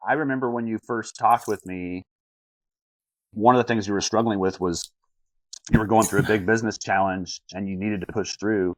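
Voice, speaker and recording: A man's voice: on the low side, fairly even intonation, moderate pace, no room sound, poor audio. A man talking as a life coach on a video call, earnest, often repeating words as he searches for the phrasing. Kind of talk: casual coaching talk over a call.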